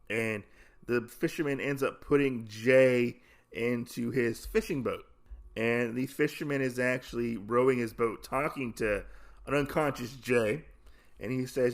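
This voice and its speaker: A man's voice: mid-range voice, unhurried. A man hosting a comic podcast, recapping a story in a casual, rambling, joking way, correcting himself as he goes. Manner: rambling, self-correcting, jokey.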